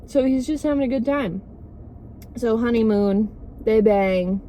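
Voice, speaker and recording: A woman's voice: a little high, unhurried, warm tone, a little hiss or hum. A woman vlogger rambling through a sarcastic, swear-filled casual movie recap.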